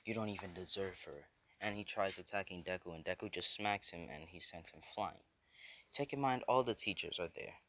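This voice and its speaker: Young man, casual storyteller, rambling and unscripted, very deep voice. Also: moderate pace, pushed and bright, a little hiss or hum. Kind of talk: casual fan story retelling.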